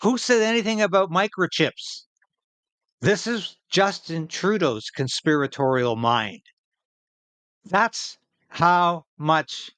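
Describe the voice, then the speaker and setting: A man's voice: on the high side, a bit bright, clean tone, no room sound. A man hosting political commentary, reacting to interview clips in an indignant, sarcastic way with a Canadian accent.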